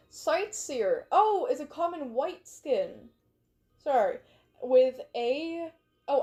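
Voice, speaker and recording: Bubbly high-voiced young woman streamer. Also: warm tone. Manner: bubbly, rambling, easily sidetracked, lots of fillers. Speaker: streamer reading fan stories. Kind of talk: casual livestream chat.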